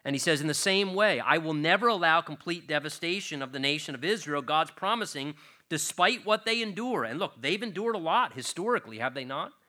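A man's voice: fairly high pitch, expressive, a little fast, bright, forceful tone. An older man, a grandfather, preaching an earnest sermon, swelling and dropping in volume to stress key words.

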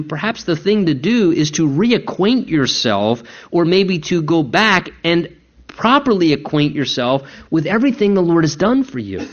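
A man's voice: on the high side, a bit bright, lo-fi sound. Man preaching in a conversational sermon. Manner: conversational preaching with repeated restarts and stammered words. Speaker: pastor.

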